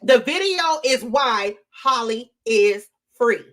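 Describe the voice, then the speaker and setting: Animated high-voiced woman livestreamer. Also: slow. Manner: animated, repeats herself, addresses chat directly. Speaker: livestream host. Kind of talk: casual live-stream commentary.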